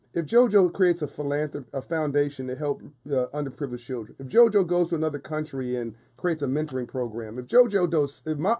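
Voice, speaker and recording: Speaking with a fairly high, mellow voice, a male radio guest delivers casual interview talk in the studio. He is passionate and emphatic, his cadence almost sermon-like, and he repeats phrases for force.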